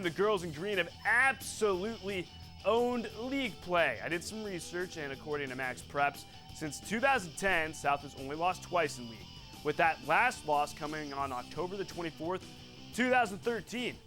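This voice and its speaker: Host, male, bright upbeat read, jokey local sports desk, music bed behind. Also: on the high side, animated, normal speed. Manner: playful, sings snippets and does bits. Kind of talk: scripted sports news with jokes.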